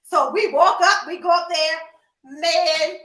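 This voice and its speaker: A woman podcast host telling a story in a casual, animated chat, laughing often and calling her listeners y'all. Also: very high-pitched, slow, roomy sound.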